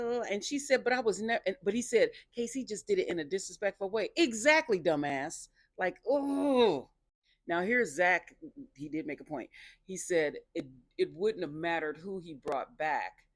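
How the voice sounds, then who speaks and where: A woman casually recapping a dating reality show, talking in an animated, sassy and exasperated way. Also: low voice, no room sound, clean studio sound.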